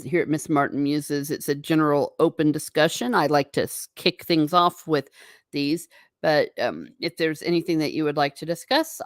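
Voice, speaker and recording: A woman hosting a casual livestream from home, chatting with viewers in a wandering way and breaking off into quick asides to herself. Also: low voice, dry recording, studio quality. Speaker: livestream host.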